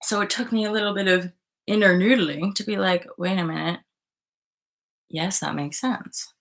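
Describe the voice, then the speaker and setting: A young woman hosts a tarot livestream in a relaxed, candid way. She greets viewers and reads out their comments. She swears freely and breaks into loud outbursts when she retells what happened to her. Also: medium pitch, moderate pace, vocal fry. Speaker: livestream host reading tarot. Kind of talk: casual livestream chat.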